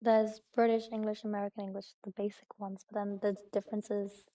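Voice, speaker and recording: A woman chatting casually on a stream as a guest, relaxed and easygoing. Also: mid-range voice, a little fast. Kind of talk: casual chat.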